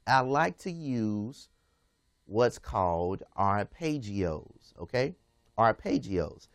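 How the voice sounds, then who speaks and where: A man's voice: lowish voice, sing-song, takes it slowly, no echo, clean studio sound. A man teaching a piano lesson, patiently explaining each step and checking in with "okay?" after most phrases. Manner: patient, repeats steps, ends phrases with "okay?". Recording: piano playing under the voice. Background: piano music.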